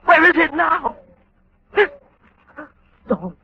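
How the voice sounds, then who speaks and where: A man's voice: very high voice, sing-song, drawn-out words, vocal fry, full character voice. An actor playing a terrified, simple-minded man fleeing a manhunt, stammering and pleading in old-time radio drama style. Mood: frightened. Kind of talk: 1940s radio acting. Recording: dull old radio recording with hiss.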